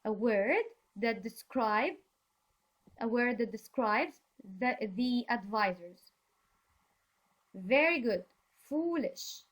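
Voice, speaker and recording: Slow, patient woman teaching young learners. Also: fairly high pitch, expressive. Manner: slow, patient, praising and explaining words. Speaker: English teacher. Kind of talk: reading a story aloud for a class.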